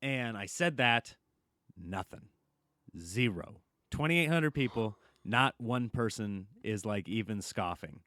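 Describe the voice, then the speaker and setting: A man, a comedian guest on a podcast, telling a long story in a lively, casual way and acting out the quotes. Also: fairly low pitch, slow pace, no echo, studio quality. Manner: animated storyteller, acts out quotes, laughs often.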